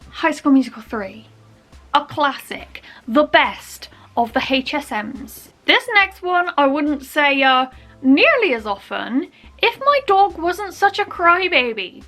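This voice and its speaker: A young woman chatting casually in her vlog, jumping into loud quoted film lines. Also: high voice. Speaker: vlogger.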